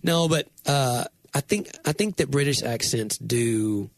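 A man, a pastor, chatting casually and telling rambling, self-deprecating stories with animated swings. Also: mid-range voice, a little slow, dry recording. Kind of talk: casual chat.

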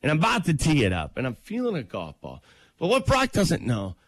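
A man's voice: fairly high pitch, huge pitch swings, brisk. A man co-hosting a morning radio show, telling a playful, jokey story in casual banter.

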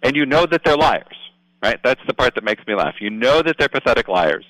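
A man's voice: medium pitch, expressive, fairly quick, fairly bright tone, dry recording, poor audio. A man speaking as a political guest on a radio show, earnest and explanatory, often asking "right?". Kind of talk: casual radio talk.

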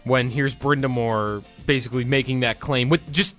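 A man co-hosting sports talk radio, talking things through in a musing way with quick agreements. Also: mid-range voice, steady tone, a bit bright, soft background music.

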